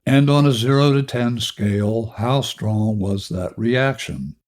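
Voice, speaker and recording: A middle-aged man speaks slowly and deliberately as he guides a self-help exercise. His voice sits at a middle pitch, and he addresses the listener directly in a calm, instructive way. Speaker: podcast host.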